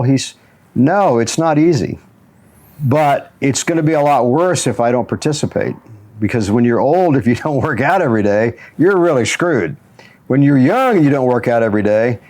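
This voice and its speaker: Medium in pitch and a little mellow, this jiu-jitsu instructor hosts his motivational talk show by telling stories, chuckling frequently along the way.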